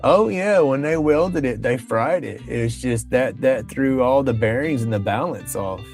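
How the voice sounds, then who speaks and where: A man's voice: mid-range voice, unhurried, gravelly, a little mellow. Brief: livestream host, man, casual and profane storyteller, faint background music. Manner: rambling, colloquial, profane, with Southern phrasing.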